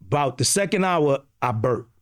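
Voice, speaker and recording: A man in his fifties telling a story as a podcast guest, expressive and casual, acting out quotes and laughing as he goes. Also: medium pitch, moderate pace, no echo, studio quality. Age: 50s. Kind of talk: animated storytelling.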